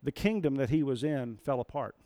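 Male preacher, mid-pitched, storytelling, questions to congregation; dry. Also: animated, brisk, warm tone, no room sound. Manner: storytelling, asks the audience questions. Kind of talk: sermon.

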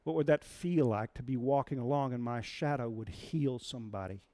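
A man's voice: medium pitch, moderate pace, mellow, dry recording. A man preaching a sermon, telling a story and asking the audience questions.

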